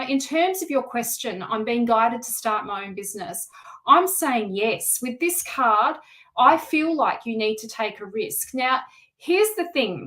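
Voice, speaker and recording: Chatty slightly high-voiced woman reading tarot. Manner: chatty, thinks aloud, frequent self-corrections; warm and encouraging toward viewers. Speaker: tarot reader. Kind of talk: live-streamed tarot reading.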